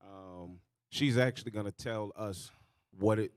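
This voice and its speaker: A man's voice: on the low side, unhurried, dry recording, studio quality. Man chiming in with short agreement. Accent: Southern US. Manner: agreeing, brief interjections. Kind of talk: casual group discussion.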